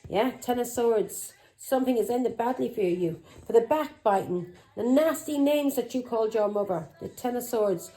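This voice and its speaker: A woman's voice: a little high, normal speed, hardly any pauses, dark tone, faint music behind, poor audio. A middle-aged woman, a tarot reader who talks in an angry, accusing way, swearing and firing taunting questions. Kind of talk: tarot reading vlog.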